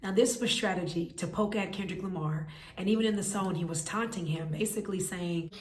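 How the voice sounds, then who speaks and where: A woman's voice: on the low side, fairly quick, echoey room. A woman hosting a scripted commentary, giving her opinionated, analytical take. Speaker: commentary host.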